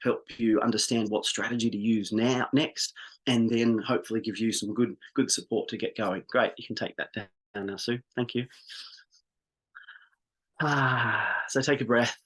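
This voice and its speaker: A man's voice: mid-range voice, fairly even intonation, normal speed, fairly bright tone. A man coaching a live group session on business growth. He talks in an upbeat, informal way and guides the group as he goes.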